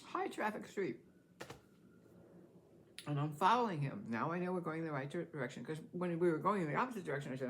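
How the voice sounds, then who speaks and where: Chatty older woman with a lively voice. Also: low voice, quick pace, pauses often, slight background noise. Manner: chatty, laughs often while telling a story. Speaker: vlogger. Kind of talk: casual storytelling.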